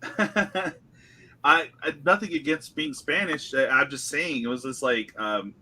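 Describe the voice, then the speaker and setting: A young man hosting a casual live stream chat, animated and laughing often. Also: mid-range voice, measured pace, a little hiss or hum. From California. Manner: animated, laughs often, drinks and toasts viewers. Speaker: host.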